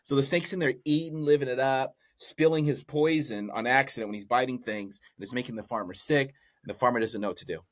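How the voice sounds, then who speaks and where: A man's voice: mid-range voice, quick pace, hardly any pauses. A man hosting a podcast, casually retelling a folk tale with amused, rambling asides. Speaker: podcast host. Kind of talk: casual comedic storytelling.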